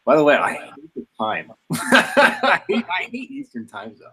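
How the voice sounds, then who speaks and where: A man's voice: high voice, huge pitch swings, a little slow, creaky, crowd noise. A man hosting a casual chat show, talking hesitantly and laughing often. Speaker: show host.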